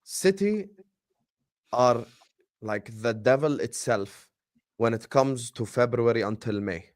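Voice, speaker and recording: A man's voice: medium pitch, takes it slowly. A man co-hosting a football podcast, making his points emphatically and ticking them off one by one. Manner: animated, emphatic, builds points in lists. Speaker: podcast co-host. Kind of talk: casual football debate.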